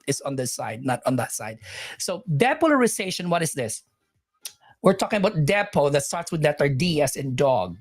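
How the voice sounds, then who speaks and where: A woman teaching nursing exam material live, repeating points, correcting herself and chatting with viewers. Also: lowish voice.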